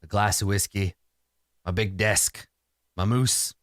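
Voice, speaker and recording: A man voicing a complacent official of habit who speaks in a dry, measured way. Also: on the low side, steady tone, dry recording. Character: unhurried male official behind a desk.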